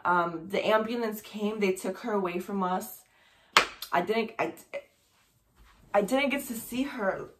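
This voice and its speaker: A mother telling a personal story to camera, pausing often and restarting her sentences. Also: mid-range voice, heavy background noise. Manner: halting, with many fillers and restarts.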